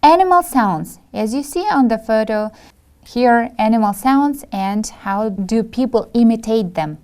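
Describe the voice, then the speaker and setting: A woman from Kyrgyzstan teaching an English lesson on a video, calmly listing vocabulary for her students one word at a time. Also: a little high. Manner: slow, deliberate listing of words to students.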